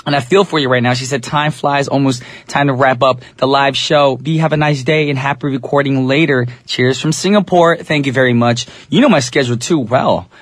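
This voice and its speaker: A man's voice: mid-range voice, fairly quick, few pauses, no echo. Easygoing radio DJ man, dry studio sound. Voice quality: a little raspy today. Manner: easygoing, chatty, addresses listeners directly. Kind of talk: English-language radio DJ chat.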